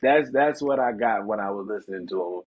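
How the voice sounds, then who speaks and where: A man co-hosting a podcast, chatting casually about music and now and then jumping into a high voice to imitate rappers. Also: fairly quick, husky, dull audio. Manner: animated, mimics rappers in a high voice. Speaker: podcast co-host. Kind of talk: casual chat.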